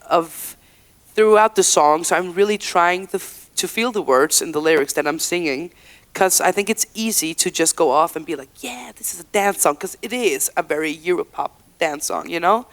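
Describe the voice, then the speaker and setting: A woman's voice: fairly low pitch, moderate pace. A woman, talking candidly in a casual interview, full of fillers and acted-out quotes. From Faroe Islands. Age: 30s. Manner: chatty and candid, full of "like" and restarts, acts out quotes. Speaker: singer being interviewed. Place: event venue indoors.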